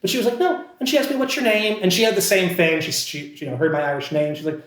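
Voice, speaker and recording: A man from Pennsylvania tells a long story as a podcast guest. He talks in a fairly high voice, stumbles and restarts, and acts out what others said. The room around him sounds echoey. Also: rapid-fire. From Scranton, Pennsylvania. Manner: animated, full of fillers and restarts, acting out quotes. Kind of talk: casual storytelling.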